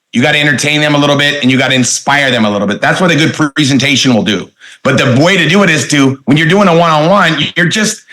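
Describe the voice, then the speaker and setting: A man's voice: a little high, pushed and bright, low-quality recording. A man in his forties giving a motivational sales training talk, emphatic and full of rhetorical questions, stretching key words for inflection. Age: 40s. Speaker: network marketing speaker trainer.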